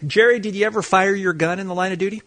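A man's voice: high voice, fairly even intonation, racing, a bit bright, dry recording. A man co-hosting a radio show who asks probing, wry questions.

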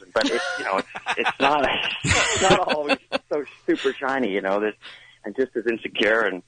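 A man's voice: medium pitch, big pitch swings, moderate pace, sharp tone, low-quality recording. Rambling, self-deprecating male guest. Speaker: guest, actor and musician. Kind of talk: casual interview chat.

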